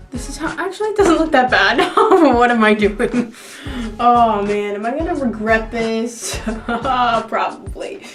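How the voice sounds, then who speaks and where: A young woman vlogging casually to camera, rambling nervously and mocking herself. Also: fairly high pitch. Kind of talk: casual vlog chat.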